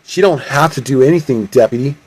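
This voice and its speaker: A man's voice: mid-range voice, fairly quick, husky, no room sound, lightly acted, low-quality recording. A man voicing a menacing, threatening woman outlaw in a stilted read-aloud way.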